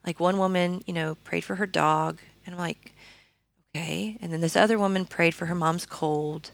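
A woman's voice: lowish voice, steady tone, moderate pace, vocal fry, no room sound. A woman guest telling her personal faith story in an earnest, conversational way, with many fillers and restarts. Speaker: podcast guest.

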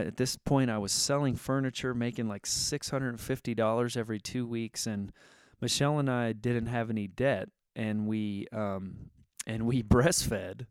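A man's voice: fairly low pitch, darkish tone, clean tone, no echo, studio quality. A man who plays guitar in worship music, telling a personal story in a casual, earnest, candid way. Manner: earnest, candid, conversational with fillers.

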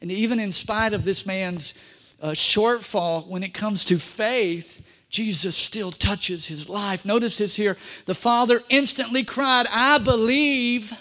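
A pastor preaches a sermon in a high-pitched, fairly bright voice, moving a little slowly. He's emphatic, repeats key phrases, and addresses the congregation directly.

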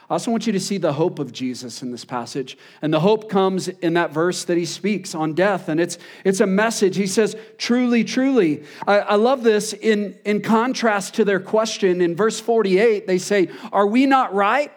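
Male pastor, high-pitched, earnest sermon delivery, repeats lines and goes quiet to land a point. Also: normal speed. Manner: earnest, repeats words, drops soft for emphasis.

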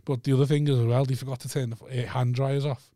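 A man's voice: medium pitch, level tone, fast talker, mellow, no room sound, clean studio sound. A man co-hosting a comedy podcast, telling stand-up stories in sweary, laughing banter. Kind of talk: casual banter.

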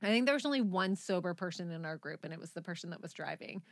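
A woman's voice: fairly low pitch, expressive, quick pace, no echo, clean studio sound. A woman co-hosting a podcast in casual chat, a rambling storyteller who laughs often. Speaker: podcast co-host.

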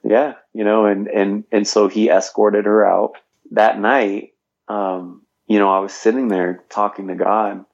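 A man with a lowish, gravelly voice tells his own story as a podcast guest. He talks earnestly and fills his sentences with "you know". The audio is a bit dull and lo-fi. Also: flat delivery, unhurried. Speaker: guest, fitness trainer and motivational speaker. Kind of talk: personal story in a podcast interview.

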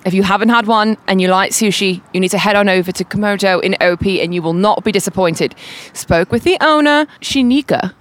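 A woman's voice: medium pitch, brisk, close to an everyday voice. A woman voicing a cheerful male restaurant reviewer, reading his review aloud in a put-on British accent. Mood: chirpy.

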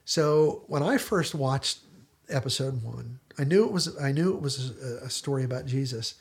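A man's voice: medium pitch, normal speed. A man hosting a casual discussion podcast, retelling scenes in detailed storytelling fashion. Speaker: podcast host.

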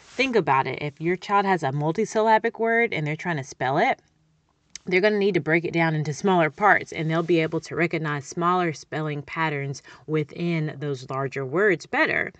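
A woman's voice: sits low, normal speed, no echo, highs cut off. Brief woman, cheerful speech therapist teaching parents, dry close sound. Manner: upbeat, chatty, encouraging, checks in with "okay?". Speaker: speech-language pathologist. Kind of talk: parent coaching tutorial.

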